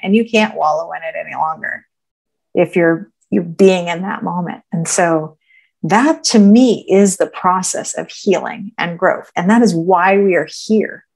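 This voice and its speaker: Woman, podcast guest, reflective, gently explanatory, acts out inner thoughts, frequent "right?". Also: fairly low pitch. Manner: checks in with 'right?' often. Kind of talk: conversational teaching.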